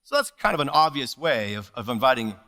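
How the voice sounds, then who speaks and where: A man preaching a sermon as pastor, animated and playful, slipping jokes and asides between scripture readings. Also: medium pitch, fairly quick. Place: church service.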